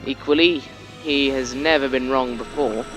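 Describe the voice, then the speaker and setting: A man's voice: mid-range voice, fairly even intonation, normal speed, music in the background. A young man giving casual commentary on a video game, rambling, joking and swearing freely. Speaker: let's play commentator.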